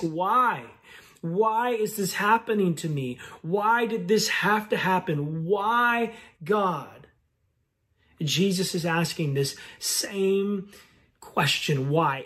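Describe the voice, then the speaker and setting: Middle-aged male pastor, sermon, unhurried delivery, voice sitting a little high. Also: fairly bright tone. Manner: slow, reflective preaching with long pauses.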